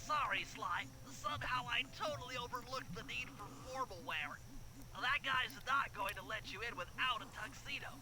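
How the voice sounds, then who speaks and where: An actor playing a fussy, apologetic turtle sidekick in a video game. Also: male voice, very high voice, moderate pace. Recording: game audio heard from far.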